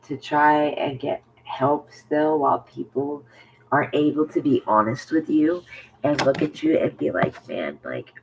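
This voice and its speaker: A man telling a personal story to camera in a halting, rambling way, full of fillers and restarts, often sinking to a near whisper. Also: fairly high pitch, creaky, background noise. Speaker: vlogger.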